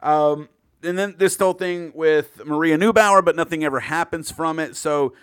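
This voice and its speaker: A man on the higher side of male pitch, chatting loosely about a crime case. He swears freely and jokes around, and the sound is dry and close with no room in it. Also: moderate pace, a bit bright, clean tone, no echo. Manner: profane, joking, riffs into silly bits. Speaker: podcast co-host. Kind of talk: casual true-crime chat.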